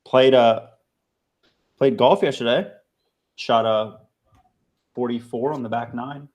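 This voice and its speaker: A man's voice: medium pitch, steady tone, slow, a little mellow. Chill guy on a podcast, teases the others, easygoing talk. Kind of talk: casual chat.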